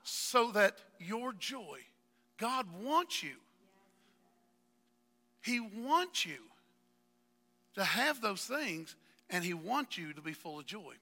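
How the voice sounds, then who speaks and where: Fervent male pastor, very high and piercingly bright, preaching with long hall reverb. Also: sing-song, slow, long pauses. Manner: fervent, addresses congregation members by name, builds to shouting. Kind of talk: sermon. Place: church sanctuary.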